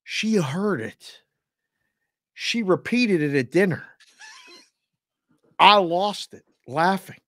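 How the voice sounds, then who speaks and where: A man co-hosting a casual sports talk show, telling animated stories about his family. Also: sits high, takes it slowly, pauses often, no echo, studio quality. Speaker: co-host.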